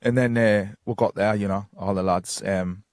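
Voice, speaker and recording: A man's voice: lowish voice, steady tone, moderate pace, darkish tone, no echo, clean studio sound. A man with a Geordie accent, telling long casual stories with many fillers as a guest on a podcast. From North East England. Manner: rambling anecdotes with many fillers and quoted dialogue. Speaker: guest psychic medium. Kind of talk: casual storytelling.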